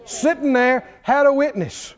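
Preacher, male, high lively voice, call-and-response style, dull lo-fi sound. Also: a little slow, some chatter behind. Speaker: pastor. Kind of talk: sermon.

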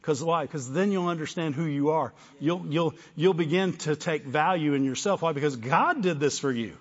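Older male pastor, fairly high voice, fervent sermon with quiet story asides; muffled recording in a long-echo hall. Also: moderate pace. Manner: call-and-response preaching, rising to fervent peaks; drops into soft storytelling. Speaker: preacher. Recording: dull sound with long hall reverb.

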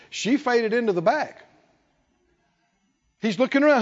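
Preacher, male, very high voice, lively swings, big reverberant hall, dull recording. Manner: emphatic, rhetorical questions, drawn-out stresses. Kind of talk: sermon.

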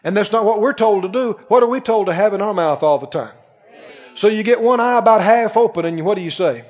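A man preaching a sermon, reading scripture slowly and breaking into playful acted asides. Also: high-pitched, animated, a little mellow. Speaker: pastor. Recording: muffled recording with long hall reverb.

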